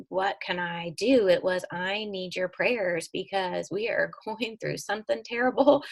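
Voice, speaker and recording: Woman, mid-pitch, gravelly edge, earnest storyteller who jumps high for emphasis. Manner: earnest, animated, with sudden leaps in pitch when emphatic. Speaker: guest telling her family's story. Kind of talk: personal storytelling in an interview.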